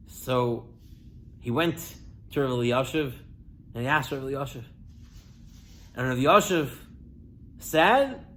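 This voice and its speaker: A man, a rabbi, preaching a sermon as an animated storyteller who addresses listeners directly and swings from loud to near-whisper. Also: medium pitch, slow pace, pauses often.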